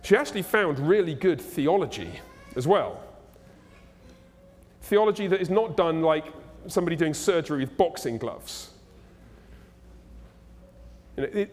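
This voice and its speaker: A male pastor preaching a sermon in a conversational, animated and humorous way, in a church. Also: on the high side. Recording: echoey hall.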